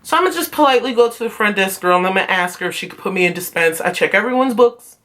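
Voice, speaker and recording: A young woman venting in a heated, profane vlog rant, telling her story with animated swings of feeling. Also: medium pitch, fast talker. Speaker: vlogger, former beauty school student.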